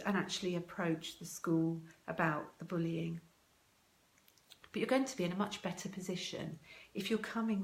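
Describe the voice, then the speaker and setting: Brief: woman, low voice, calm and measured, coaching parents through breathing, echoey room. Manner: calm, slow and measured, with many ums. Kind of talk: live video talk guiding a breathing exercise.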